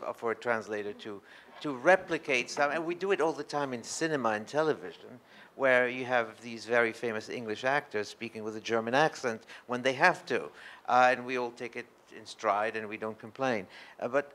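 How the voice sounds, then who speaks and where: A man's voice: medium pitch, fairly bright tone. A man on an academic panel, asking probing questions and pressing a point.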